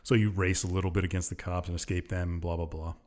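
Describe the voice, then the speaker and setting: A man with a somewhat low voice co-hosts a casual podcast. He recaps a game plot in a loose, rambling way, stopping often on fillers as he searches for words. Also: level tone, fast, darkish tone. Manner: rambling, hesitant with many uhs. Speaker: podcast co-host.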